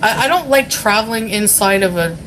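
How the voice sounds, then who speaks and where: A woman's voice: medium pitch, animated, a little fast, noisy background. Giggly chatty woman on a livestream. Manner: giggly, chatty, many fillers. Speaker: vlogger reading chat. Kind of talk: casual livestream chat. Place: hotel room.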